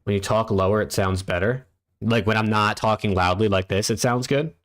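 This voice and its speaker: Young male streamer, relaxed, swears a lot, chats with viewers on a desk mic at home. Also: lowish voice, moderate pace. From United States. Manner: laid-back, profane, talks to chat and reads out usernames. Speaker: streamer hosting a watch party. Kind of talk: casual live-stream chat.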